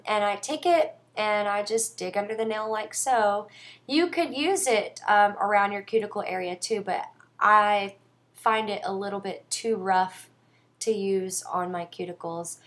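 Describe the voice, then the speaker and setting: A young woman talks casually about her nail care products. She is chatty and enthusiastic and often says "um". Her pitch sits in an average range. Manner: chatty and enthusiastic, frequent "um" fillers. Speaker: beauty vlogger.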